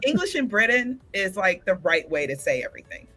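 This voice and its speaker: Bright-voiced woman joking around on a stream, faint music behind. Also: mid-range voice, sing-song, fairly quick. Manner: playful, teasing. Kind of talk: casual group chat.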